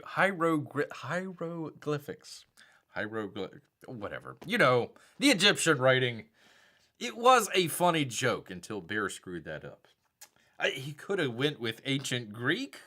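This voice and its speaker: This Southern-accented streamer has a pushed, bright mid-range voice. Hosting a casual live stream, he rambles, reads chat messages from viewers out loud, and talks about himself in the third person using a nickname.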